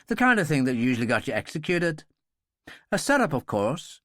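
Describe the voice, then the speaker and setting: A man's voice: on the high side, very animated, a little fast, a bit bright, no room sound, studio quality. A man voicing a wry, seasoned pilot. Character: seasoned middle-aged pilot, cool and wry.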